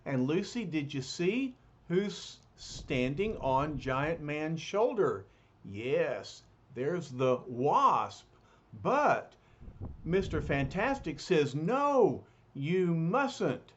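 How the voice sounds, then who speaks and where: Male reader, slow and lively, husky, lo-fi capture; reads a comic aloud for a kid. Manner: expressive read-aloud, raises pitch for quoted heroes. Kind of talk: reading a comic aloud to a child. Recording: dull lo-fi recording.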